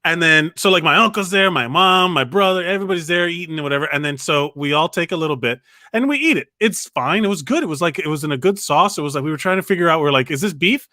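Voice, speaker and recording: A man with a bright, forceful, slightly high voice, co-hosting a comedy podcast. He spins a long story in loose casual chat, piling on quick asides. The sound is dry and close. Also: lively intonation, no echo. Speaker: podcast co-host.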